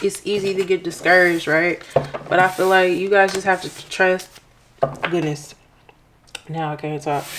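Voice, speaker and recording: A young woman giving a casual tarot reading to her viewers, expressive and excitable, talking through tears at times. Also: lowish voice, noisy background. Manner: expressive, excitable, exclaims often. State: emotional, near tears. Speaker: tarot reader.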